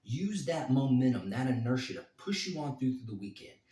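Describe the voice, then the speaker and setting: A man's voice: mid-range voice, very animated, fairly quick, warm tone. Middle-aged man, casual rambling storyteller with crude humor, echoey room, off-mic. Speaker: vlogger, former bouncer. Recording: roomy, distant from mic.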